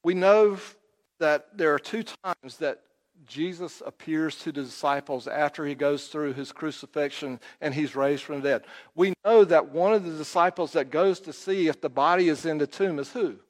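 A man preaching a sermon, telling the story dramatically and swinging from loud to quiet. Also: on the high side, moderate pace. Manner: storytelling, acts out quotes, rises and drops in volume. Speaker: pastor. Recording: long hall reverb.

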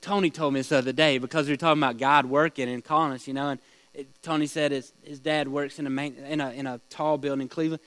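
A man's voice: mid-range voice, fairly even intonation, quick pace, fairly bright tone, dry recording, rough recording. A man leading a small-group Bible study, teaching in a conversational way, asking the group questions and telling stories.

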